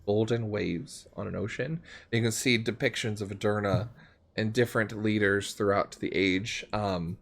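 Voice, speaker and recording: Casual young game master narrating. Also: male voice, lowish voice, normal speed, vocal fry. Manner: casual, filler-heavy narration.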